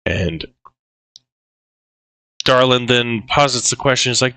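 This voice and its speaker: A man's voice: mid-range voice, unhurried, pauses often, bright, forceful tone, clear, resonant tone, dry recording, poor audio. A man co-hosting a casual film discussion, recapping scenes in a laid-back way with frequent fillers and quoted lines. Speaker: podcast co-host.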